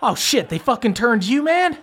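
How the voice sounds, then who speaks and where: A man voicing a panicky, foul-mouthed vampire man who talks fast and excitably. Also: high-pitched, creaky, pitched above the performer's own voice. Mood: panicked.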